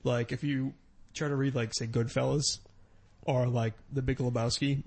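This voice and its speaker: Rambling podcast host, mid-pitched man. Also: little pitch movement, moderate pace, vocal fry, a little mellow. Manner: rambling, many "uh" fillers, self-conscious asides. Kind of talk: casual chat. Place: small podcast studio.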